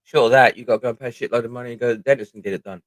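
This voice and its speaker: A man's voice: mid-range voice, steady tone, rapid-fire, no echo. A middle-aged man with a British accent, chatting casually on a livestream, rambling and swearing freely. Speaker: livestream host.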